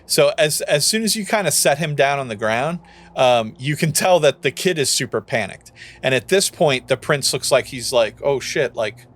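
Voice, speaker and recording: A man's voice: medium pitch, lively intonation, normal speed, fairly bright tone. Young man narrating as game master. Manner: casual, laughing, acts out short lines for the characters.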